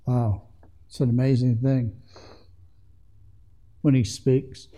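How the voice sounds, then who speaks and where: A man's voice: medium pitch, level tone, slow, dark tone. A man preaching a sermon in an earnest way that builds to emphatic passages.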